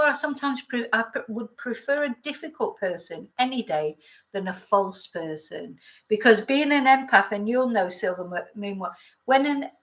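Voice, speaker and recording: A middle-aged woman hosts a relaxed live chat. She rambles from thought to thought, greets commenters by name and laughs easily as she talks. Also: on the high side, poor audio. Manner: chatty and rambling, reads viewer comments, laughs often. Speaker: YouTube chat host. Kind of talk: casual live-chat talk.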